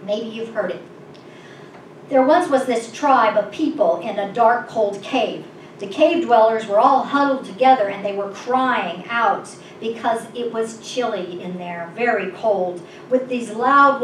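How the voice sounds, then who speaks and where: A woman giving a sermon, reading Scripture and telling a story in an expressive, emphatic way, recorded from a distance in an echoing room with background noise. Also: fairly high pitch. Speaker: preacher.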